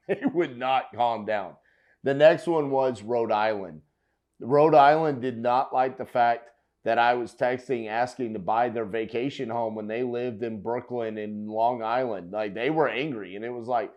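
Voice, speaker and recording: A man reacts to clips in casual commentary. He is loud and emphatic and swears freely. His voice sits at an ordinary male pitch. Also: unhurried.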